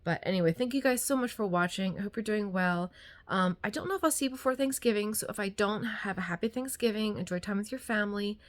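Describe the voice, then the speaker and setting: A woman's voice: medium pitch, fast. A woman casually chatting to camera about her thrift store finds at home, rambling with lots of ums and likes, a little out of breath, recorded on a handheld phone. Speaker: vlogger showing a thrift haul. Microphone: phone held in hand.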